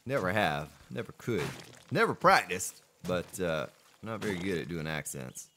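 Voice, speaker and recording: Low-voiced man chatting while gaming. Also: sing-song, normal speed, bright, forceful tone, a little hiss or hum. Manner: chatty, talks to chat viewers by name. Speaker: game streamer. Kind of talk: casual gameplay commentary.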